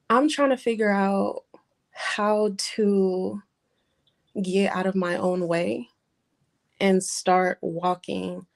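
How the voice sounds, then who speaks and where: Young woman caller, 20s, some vocal fry, hesitant and teary. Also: medium pitch. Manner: hesitant, halting, many ums and pauses. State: holding back tears. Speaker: caller seeking advice. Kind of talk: emotional personal call-in.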